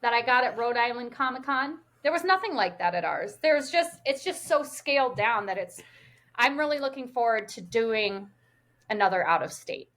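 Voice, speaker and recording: High-voiced playful woman guest. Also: lively intonation, moderate pace. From Minnesota. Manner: playful, jokey, interjecting with loud call-outs. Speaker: podcast guest. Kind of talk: casual podcast chat.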